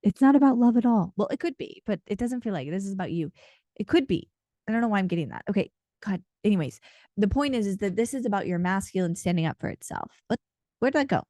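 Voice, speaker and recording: A woman's voice: medium pitch, sing-song, brisk, a little mellow, dry recording, clean studio sound. A woman giving a casual, channeled card reading in an earnest, intense way, rambling and full of fillers as she speaks. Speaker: intuitive card reader and channeler.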